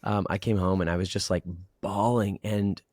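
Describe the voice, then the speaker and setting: Low-voiced man sharing openly on a podcast. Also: steady tone, moderate pace, a little mellow, dry recording, studio quality. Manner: open and vulnerable, shares personal feelings. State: going through a recent breakup. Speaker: podcast host and relationship coach. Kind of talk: casual podcast conversation.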